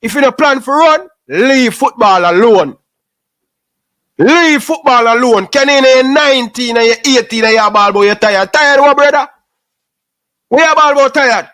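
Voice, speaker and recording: A man's voice: very high voice, moderate pace, bright, forceful tone. A Jamaican man giving an impassioned, preachy rant in patois, scolding young footballers and repeating his points.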